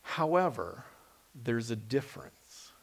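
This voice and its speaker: A man preaching a sermon, animated and dramatic as he voices scripture quotes. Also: mid-range voice, slow pace, creaky, slightly rough.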